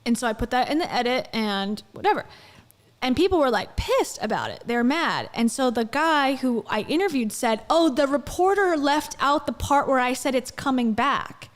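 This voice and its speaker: A woman's voice: high-pitched, expressive, normal speed, long reverb tail. A woman co-hosting a casual commentary podcast, telling stories animatedly, swearing and laughing often. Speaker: podcast co-host and video creator.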